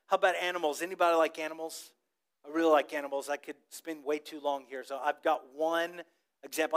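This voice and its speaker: A pastor, an adult with a child old enough to talk, preaches a sermon to his congregation. He tells stories with animation and gets the crowd to repeat words back, in a voice that sits on the high side and sounds a bit bright.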